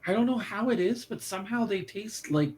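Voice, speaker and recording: A ravenous, chattering food lover who gushes rambling praise between bites, voiced by a man. The voice sits mid-pitch, lively and a little breathless with delight, in a tabletop game. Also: brisk, lightly acted, low-quality recording. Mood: gushing.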